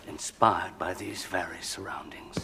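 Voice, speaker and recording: An actor playing a lecherous male writer who flirts in a hushed, seductive whisper. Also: deep voice, fairly even intonation, unhurried, vocal fry, noisy background.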